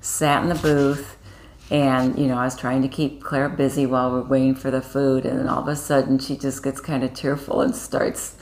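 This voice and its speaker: A woman's voice: rumbling low, little pitch movement, moderate pace. An older woman from Iowa co-hosting a casual chat, rambling through family stories with many fillers. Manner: chatty, rambling, warm storytelling with many fillers. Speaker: co-host.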